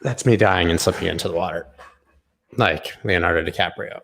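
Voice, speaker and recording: A man's voice: deep voice, fairly quick, a bit bright. A man hosting a live crypto charting stream, rambling sarcastically with tangents and the odd swear. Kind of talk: casual live-stream commentary.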